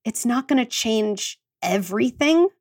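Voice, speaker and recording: A woman's voice: fairly high pitch, expressive, measured pace, a little mellow. A woman psychologist talking on a podcast, earnest and reassuring, walking listeners through an exercise. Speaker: psychologist guest. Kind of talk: podcast conversation.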